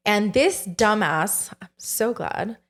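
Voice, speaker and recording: A woman's voice: medium pitch, lively intonation, takes it slowly, a bit bright. A young woman, a podcast guest, telling a frightening personal story in a breathless rush and swearing often.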